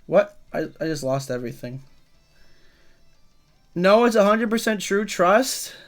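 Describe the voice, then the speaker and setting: A man in his thirties streams a video game, casually chatting while he reads viewers' messages aloud and teases back playfully. His high voice is animated yet unhurried, with soft music behind him.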